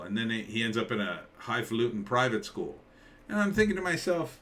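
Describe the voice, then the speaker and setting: Talking a little fast with a fairly bright tone, a forty-something man from New Jersey offers a loose, sardonic take on a trailer. He rambles and leaps into high-pitched quotes of mock surprise.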